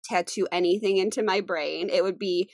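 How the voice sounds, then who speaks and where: A woman's voice: medium pitch, fairly even intonation, normal speed, dry recording. A woman in her thirties co-hosting a podcast, chatting casually and acting out quotes with animation. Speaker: podcast co-host. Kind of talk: casual chat.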